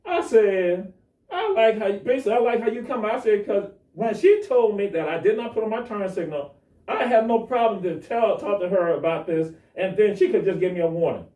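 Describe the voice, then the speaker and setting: On a talk show, a male guest with a high, dark-toned voice animatedly retells a traffic stop, acting out the dialogue at a brisk pace. The recording is echoey, with the mic at a distance.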